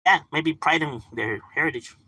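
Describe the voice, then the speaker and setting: A man's voice: a little high, normal speed, bright, forceful tone, husky, low-quality recording. A man chatting casually on a live stream, swearing freely, laughing often and filling his talk with "like" and "you know.". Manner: loose and profane, laughs often, lots of fillers; chatting back to unseen viewers.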